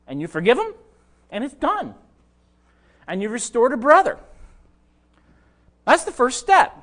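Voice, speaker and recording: Preacher, high bright voice that swings a lot, plainspoken and direct with the congregation. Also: male voice, wildly swooping pitch, measured pace, long pauses. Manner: conversational, addresses listeners directly. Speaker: pastor. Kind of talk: sermon.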